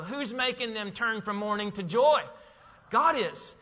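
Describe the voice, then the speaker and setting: A man's voice: sits high, expressive, unhurried, bright, forceful tone, in a large hall, muffled recording. A man preaching a sermon as pastor, emphatic, with rhetorical questions to the congregation.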